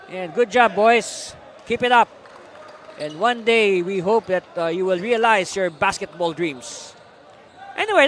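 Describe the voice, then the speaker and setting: A man with a Filipino accent doing lively basketball commentary, with frequent fillers and rising excitement on the plays. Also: sits high, noisy background. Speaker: play-by-play commentator.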